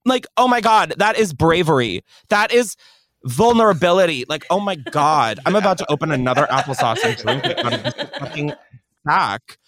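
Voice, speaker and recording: A man's voice: on the high side, very animated, moderate pace, crowd noise. A man hosting a podcast, ranting in a dramatic, profane and exaggerated way in a studio. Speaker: podcast host. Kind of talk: casual comedic rant.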